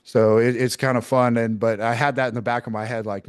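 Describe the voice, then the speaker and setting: A man hosting a podcast interview, chatty and energetic, laughing often as he talks. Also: medium pitch, brisk, clear, resonant tone, dry recording, studio quality. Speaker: podcast host.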